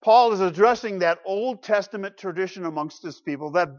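Higher-voiced male preacher, dramatic delivery. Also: brisk. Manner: dramatic, rhetorical, big swings in loudness. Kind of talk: sermon. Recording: dull lo-fi recording.

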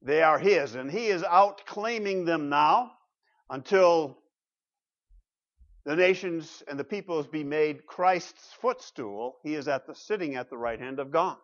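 Man, high voice, emphatic sermon, rhetorical questions, muffled lo-fi recording. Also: unhurried. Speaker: pastor. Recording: dull lo-fi sound.

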